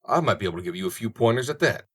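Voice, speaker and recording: A man's voice: on the low side, expressive, very fast, husky. A man doing a pompous, sputtering city dandy. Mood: confident. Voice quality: indignant, sputtering.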